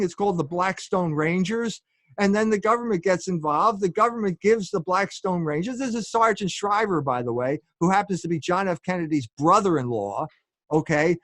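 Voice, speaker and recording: A man with a high-pitched voice lectures with force, throwing out rhetorical questions and pressing his point with a repeated "okay?". The sound is dry and close, with no room echo. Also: a bit bright. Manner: emphatic, asks rhetorical questions, says "okay?" often. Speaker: guest author. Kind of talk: lecturing interview answer.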